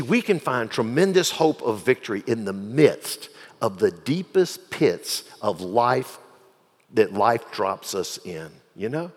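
A male pastor preaching a sermon, swinging from quiet reflection to loud, fervent pleading. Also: mid-range voice. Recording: long hall reverb.

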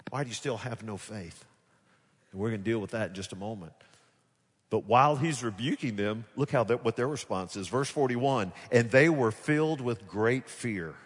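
A man preaching a sermon as pastor, moving from hushed, soft passages to loud, animated bursts where he acts out scenes. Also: lowish voice, slightly rough. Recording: long hall reverb.

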